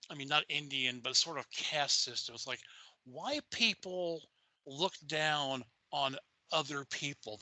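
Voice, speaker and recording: A man's voice: medium pitch, sharp tone, no room sound, low-quality recording. An older man with a Southern US accent, chatting enthusiastically and rambling as a podcast co-host. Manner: enthusiastic, rambling, swears casually. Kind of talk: casual chat.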